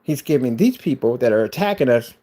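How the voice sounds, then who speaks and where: Excited man, casual vlogger, veers into fervent preaching, mid-pitched voice. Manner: fast, excited, with religious exhortation. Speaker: vlogger showing his studio build.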